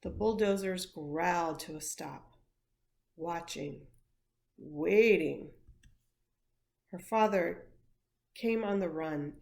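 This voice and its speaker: A woman, an education coordinator, reading a picture book aloud with expressive storytelling. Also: on the low side, takes it slowly, vocal fry, long pauses.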